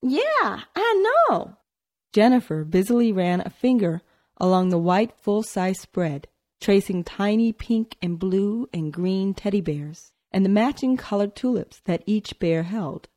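A woman narrating a novel in a measured storytelling manner. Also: medium pitch, mellow. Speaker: audiobook narrator. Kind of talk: scripted narration.

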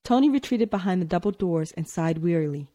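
A woman narrating a novel in a measured storytelling manner. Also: on the low side, expressive, warm tone. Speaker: audiobook narrator. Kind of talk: scripted narration.

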